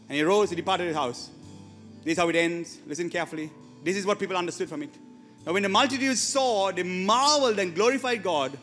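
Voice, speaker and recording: A man's voice: sits high, quick pace, a bit bright, big-room sound, soft background music. A man preaching a sermon to his church, emphatic and often asking the congregation questions. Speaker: pastor. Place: church hall.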